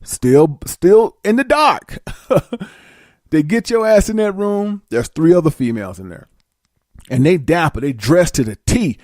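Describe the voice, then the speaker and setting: A man's voice: on the high side, expressive, unhurried, darkish tone, no echo, clean studio sound. A man telling a story in a casual, blunt and profane way, slipping into voices. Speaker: vlogger.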